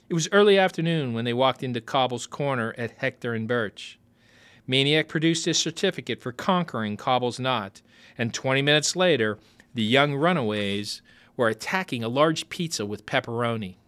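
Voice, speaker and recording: A man reading a novel aloud as narrator, with lively, expressive storytelling. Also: mid-range voice.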